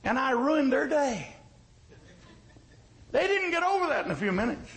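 A man's voice: very high-pitched, very animated, normal speed, gravelly, a bit bright, slight background noise, low-quality recording. A male pastor preaching a sermon in a folksy, joking way, with emphatic repetition.

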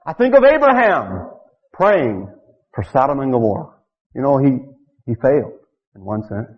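A middle-aged man preaching a sermon. He reads scripture emphatically and builds to loud declamation. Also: mid-range voice, animated, moderate pace. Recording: dull lo-fi church recording.

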